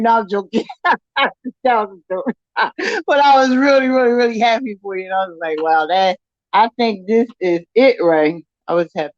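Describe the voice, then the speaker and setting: A woman's voice: on the high side, normal speed, no echo. Effusive laughing woman, muffled sound. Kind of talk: casual interview answers.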